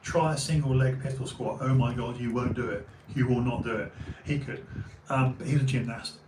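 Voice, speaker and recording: A man's voice: mid-range voice, slight background noise. A man from England with a British accent, telling stories in a rambling casual way, often repeating and restarting his words. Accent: British English. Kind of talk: casual storytelling monologue. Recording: echoey room, mic a bit far.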